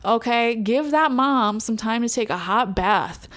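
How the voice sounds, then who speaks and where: A woman's voice: a little high, a little slow, a bit bright. A young woman giving a pick-a-card tarot reading to viewers, chatty and emphatic, getting worked up as she talks. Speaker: tarot reader.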